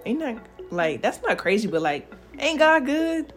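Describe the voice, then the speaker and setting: A woman's voice: high voice, big pitch swings, a little slow, soft background music. Woman hosting a casual faith podcast. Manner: casual, slangy, encouraging. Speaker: podcast host.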